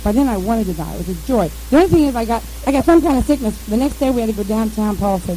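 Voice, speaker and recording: A woman's voice: a little high, lively intonation, fast talker, hardly any pauses, mellow, slight background noise, rough recording. A woman telling a rambling, profane story in casual conversation, mimicking radio chatter and noises along the way.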